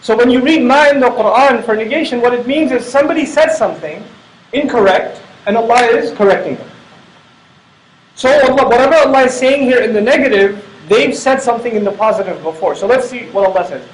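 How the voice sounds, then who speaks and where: A middle-aged man gives a Quran lecture in a high-pitched voice, explaining with heavy repetition. The echoey hall rings around him with a faint hum of ambience underneath. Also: expressive, a little fast. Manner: explanatory, repetitive emphasis, acts out quoted dialogue. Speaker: Islamic speaker.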